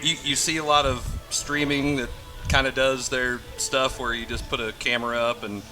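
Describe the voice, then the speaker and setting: Male color commentator, mid-pitched voice, rambling restarts, music clearly behind. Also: level tone, moderate pace. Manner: rambling, many repeated restarts. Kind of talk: casual broadcast commentary.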